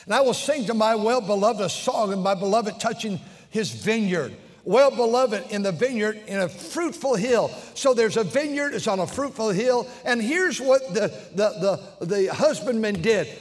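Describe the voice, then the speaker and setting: Male pastor, high voice, fiery sermon delivery in a reverberant church hall. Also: expressive, moderate pace, few pauses. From United States. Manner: impassioned preaching, swings from shouts to hushed tones. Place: large church sanctuary.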